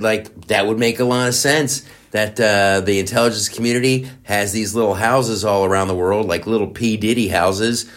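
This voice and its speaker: A man's voice: fairly low pitch, fairly bright tone. A man delivering a heated, profane, sarcastic political rant, rambling with many restarts. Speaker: political commentator. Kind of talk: ranting monologue.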